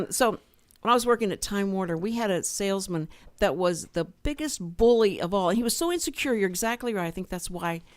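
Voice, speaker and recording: Animated woman telling a story on radio. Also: mid-range voice, brisk, no room sound. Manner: animated storyteller acting out quoted dialogue. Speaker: radio co-host. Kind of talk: casual radio chat, storytelling. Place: radio studio.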